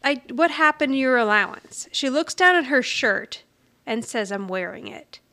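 A woman's voice: high voice, moderate pace. A woman co-hosting a podcast, retelling a sitcom episode in casual chat and acting out the characters' lines. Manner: animated retelling, acting out quoted lines with light laughter.

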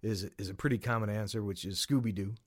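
A man's voice: lowish voice, fairly even intonation, fast talker. A man chatting as a podcast guest, chatty and laughing often, repeating himself. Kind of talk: casual chat.

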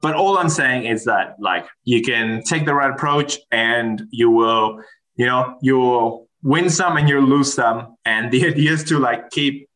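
A man's voice: medium pitch, a little slow, fairly bright tone, low-quality recording. A man in a casual interview, telling stories from his consulting work with many restarts and fillers. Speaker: guest.

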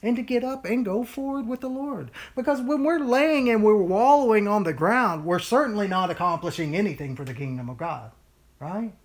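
A Bible study leader teaching informally to a small group, animated, often acting out whiny voices, with many fillers and restarts. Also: mid-range voice, normal speed.

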